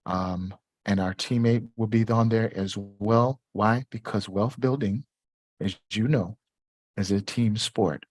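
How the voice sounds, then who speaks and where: A man hosting a live Q&A stream, talking in an animated, repetitive way and jumping up high in pitch when excited. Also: slow, no room sound, clean studio sound. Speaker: host.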